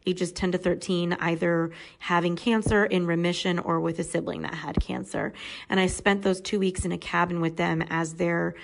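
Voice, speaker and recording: A woman's voice: fairly low pitch, vocal fry, low-quality recording. A woman in her thirties, a podcast guest telling a personal story in a candid, earnest way. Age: 30s.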